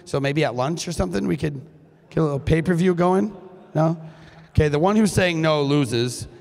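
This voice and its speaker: Hoarse man in his 40s, keynote speaker, chatty and joking with lots of ums; stage mic, long hall reverb. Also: on the high side, normal speed, darkish tone. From Duluth, Minnesota, USA. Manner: joking, chatty, with frequent fillers. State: hoarse, recovering from lost voice. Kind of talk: humorous keynote talk. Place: large high school hall.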